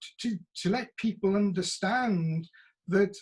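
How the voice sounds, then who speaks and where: Animated Welsh man, husky and high. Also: unhurried. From Wales. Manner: animated storyteller, acts out quoted voices. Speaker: actor. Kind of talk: video call discussion. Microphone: video call.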